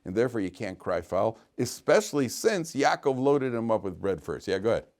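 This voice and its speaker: Animated rabbi teaching a casual class. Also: male voice, fairly low pitch, a little fast. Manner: conversational, animated, repeats words when thinking. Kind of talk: informal Torah lesson with storytelling. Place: classroom with students.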